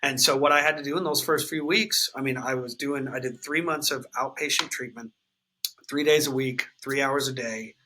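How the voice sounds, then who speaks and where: A man's voice: mid-range voice, steady tone, normal speed, sharp tone, a little hiss or hum, low-quality recording. A man, candidly telling his recovery story in an interview, swearing freely and filling with "like" and "um". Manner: raw, unfiltered, swears freely, many fillers like "like" and "um".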